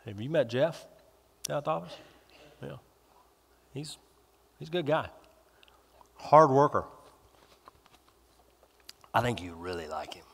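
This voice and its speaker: A man's voice: medium pitch, lively intonation, a little slow, gravelly, pauses often, a bit bright, breathy edge, long reverb tail, heavily acted. A man voicing a sly, sneaky tempter spirit that talks in a chummy, gossipy, wheedling way.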